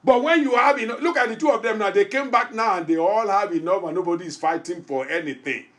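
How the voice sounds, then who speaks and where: Male pastor, fairly high voice, fervent repetitive sermon and prayer delivery. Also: quick pace, reverberant. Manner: fervent, repetitive preaching, rising to shouted prayer; reads scripture aloud with comments.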